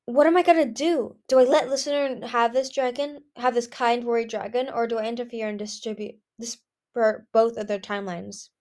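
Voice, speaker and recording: A nervous young female dragon seer in a storybook read aloud, as a woman puts her on. The voice sits a bit high and carries a tense, worried edge, as if she is talking herself through a hard choice. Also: a little mellow, lightly acted.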